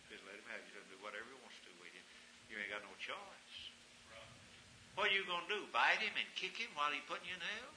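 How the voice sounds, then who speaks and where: A man's voice: medium pitch, fast talker. Male preacher, fervent and dynamic, recorded in an echoey room with hiss. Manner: fervent, swings from hushed to shouting. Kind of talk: sermon.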